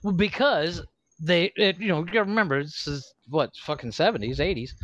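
A man's voice: fairly high pitch, animated, fairly quick, a bit bright, dry recording, dull audio. A man hosting a podcast, telling a story in a rambling way, swearing freely and laughing often. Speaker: podcast host. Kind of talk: casual profane chat.

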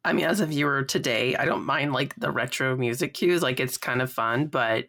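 Female podcast co-host, casual, gravelly fry, bright sharp tone, filler-heavy. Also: rumbling low, moderate pace. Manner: chatty, uses many "like" fillers. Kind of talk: casual chat.

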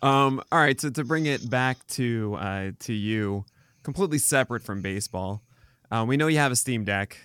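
A male podcast host asking a guest questions in a casual, upbeat way and laughing quickly at his stories. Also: medium pitch, fairly bright tone, clean tone, no echo.

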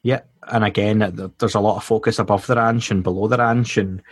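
Scottish male podcast host, low-ish husky voice, dry and close, easygoing banter. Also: fairly even intonation, brisk, no echo. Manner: chatty, reads out listener comments with jokes. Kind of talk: casual podcast chat.

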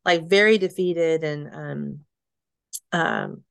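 A middle-aged woman being interviewed, telling her story haltingly, with restarts, soft laughs and sighs. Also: sits low, vocal fry, smooth. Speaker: interview guest.

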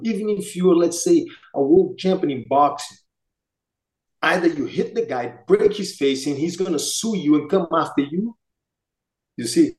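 A middle-aged man with a Brazilian accent, a martial arts master telling casual stories and acting out the voices of the people in them. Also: fairly high pitch. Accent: Brazilian Portuguese. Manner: animated, acts out quoted voices. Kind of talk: casual storytelling. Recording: echoey room.

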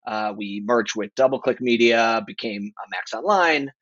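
A man in his forties, a guest on a podcast, talking in a relaxed, rambling way with lots of fillers. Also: mid-range voice, normal speed, no room sound. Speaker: guest, marketing executive. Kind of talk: casual podcast interview. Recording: dry, dull lo-fi sound.

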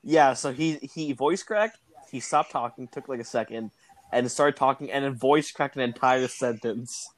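A man's voice: medium pitch, normal speed. A young man co-hosting a podcast in casual chat, chatty and joking. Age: young adult. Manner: chatty, joking, stumbles over tongue twisters. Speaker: podcast co-host.

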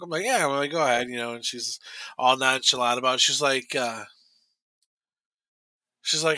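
A man's voice: medium pitch, fairly quick, long pauses, pushed and bright, dry recording. A man in his forties chatting casually on a podcast, rambling with lots of fillers and restarts. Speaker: podcast co-host. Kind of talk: casual chat.

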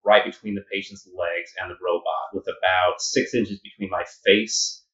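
A man's voice: sits low, fairly even intonation, normal speed, a bit bright. A man who trained as a doctor, telling a work story with wry laughs in casual chat. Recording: echoey, dull room sound.

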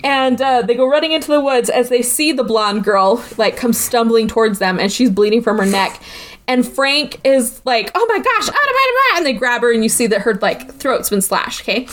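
A woman's voice: fairly high pitch, moderate pace. A young woman co-hosting a podcast, chatting casually as she retells a movie scene by scene, full of likes and okays. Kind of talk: casual chat recapping a film.

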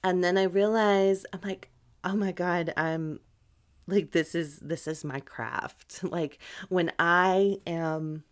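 A woman's voice: lowish voice, steady tone, slow, clear, resonant tone. A woman hosting a podcast, chatting in a candid, loose way with plenty of fillers. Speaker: podcast host. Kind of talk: casual chat.

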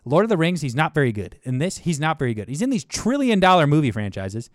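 On a casual film review podcast, a young male co-host talks fast and excitedly, swinging from low mumbled asides to high, eager bursts. The recording is close and dry with no echo or room sound.

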